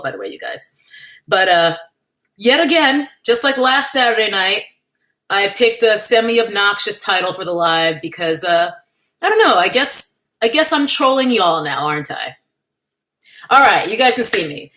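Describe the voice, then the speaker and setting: A woman's voice: medium pitch, lively intonation, measured pace, a bit bright. A young woman hosting a casual livestream from home, chatty and wry, laughing often and greeting viewers by name. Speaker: livestream host. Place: at home in California.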